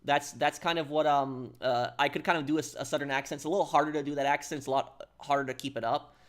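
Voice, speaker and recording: A man streaming a game, chatting casually and haltingly, reading out and answering chat. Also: medium pitch, fairly even intonation.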